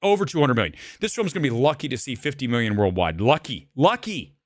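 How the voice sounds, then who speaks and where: A man's voice: medium pitch, sing-song, quick pace, no echo, studio quality. A man ranting angrily as he reviews a film live, repetitive and heated, saying he is shaking with anger. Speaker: movie reviewer.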